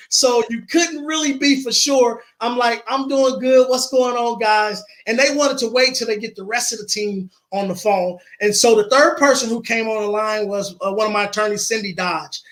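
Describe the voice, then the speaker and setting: Recounting his life earnestly as an online interview guest, a man repeats phrases for emphasis in a very high, fairly bright voice, speaking at a moderate pace with few pauses.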